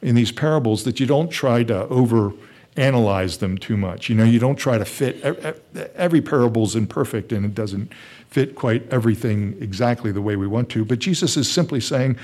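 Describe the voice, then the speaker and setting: A man's voice: mid-range voice, normal speed, a little mellow. A man preaching a sermon, explaining Bible verses with a teaching tone and some restarts. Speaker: pastor.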